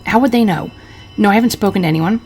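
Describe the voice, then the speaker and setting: A woman voicing a crude, drunken, scheming husband from the 1940s, talking gruffly and cursing. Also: medium pitch, fast, a little mellow, soft background music, natural voice. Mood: grumbling. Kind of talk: reading game dialogue aloud.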